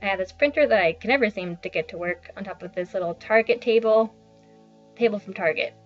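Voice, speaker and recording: A woman's voice: medium pitch, fairly quick. A young woman casually narrating a tour of her small basement apartment, chatty and self-deprecating with rambling asides. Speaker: vlogger giving a home tour. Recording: slightly dull lo-fi sound with faint background music.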